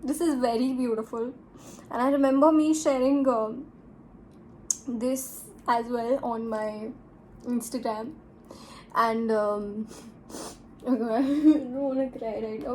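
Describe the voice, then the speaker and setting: A young woman, reacting to fan edits in a casual vlog and gushing with sentimental, softly emotional thanks. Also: a little high, fairly even intonation, unhurried, a little hiss or hum.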